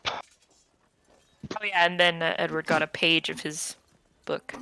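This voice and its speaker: A woman's voice: low voice, level tone, slow pace, gravelly, pushed and bright, clean tone. A woman playing in a tabletop game, chatting casually in a giggly, playful way. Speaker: player.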